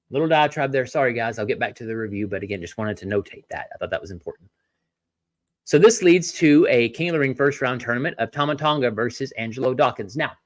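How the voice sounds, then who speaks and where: A man's voice: medium pitch, dry recording. Ranting man reviewing wrestling, dry sound. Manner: ranting, rhetorical questions, frequent apologies for tangents. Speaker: wrestling review podcast host. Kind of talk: solo review podcast.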